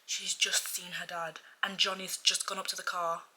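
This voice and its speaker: A woman book vlogger talking casually about her reading, animated and exasperated, often dropping to a whisper and giggling. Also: fairly low pitch, moderate pace, background noise.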